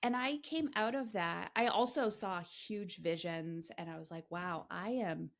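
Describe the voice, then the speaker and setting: A woman's voice: mid-range voice, a little slow. A middle-aged woman hosting a podcast, telling a personal story candidly, with emphatic delivery and frequent swearing. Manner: emphatic, swears freely, animated retellings. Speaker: podcast host.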